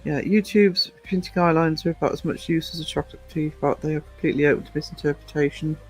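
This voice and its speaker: British male channel host, casual and digressive, voice sits a little high. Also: steady tone, fast talker, slightly rough, faint music behind, poor audio. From United Kingdom. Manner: chatty, rambling, digressive. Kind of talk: casual livestream chat.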